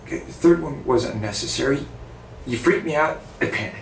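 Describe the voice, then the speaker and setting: Brief: rattled adventurer, defensive, gravelly, far off and roomy. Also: male voice, medium pitch, animated, brisk. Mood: flustered. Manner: flustered, defensive. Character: panicky male adventurer caught off guard. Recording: film clip, distant, echoey, faint noise.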